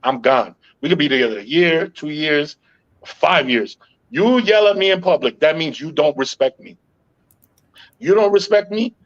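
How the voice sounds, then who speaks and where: A middle-aged man chats on a podcast in a calm, level way, dropping "yo" and curses as he tells stories. His voice sits a little high for a man. The recording sounds muffled and lo-fi. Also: moderate pace. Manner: calm, even-tempered storytelling with frequent "yo" and profanity. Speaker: podcast host. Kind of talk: casual podcast chat.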